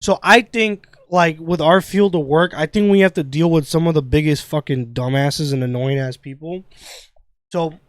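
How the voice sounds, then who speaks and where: Brief: young male co-host with a high voice, loose and foul-mouthed, animated storyteller, dry close mic. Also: normal speed, no room sound. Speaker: podcast co-host. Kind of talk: casual podcast chat.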